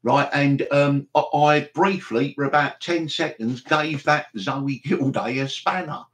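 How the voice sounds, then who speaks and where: A man's voice: a little high, steady tone, unhurried, a bit bright. A man hosting a live stream, rambling and chatty, with mock exasperation. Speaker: livestream host.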